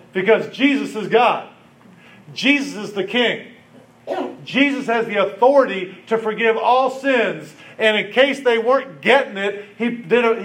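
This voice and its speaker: Male pastor, sermon delivery, higher-pitched, animated, acts out quotes. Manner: animated preaching with acted-out quotes.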